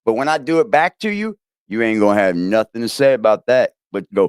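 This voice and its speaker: A man ranting profanely as host of a livestream, swinging from low growls to sharp highs. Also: sing-song, a little fast, smooth, dry recording, clean studio sound. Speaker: streamer host. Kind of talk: heated livestream rant.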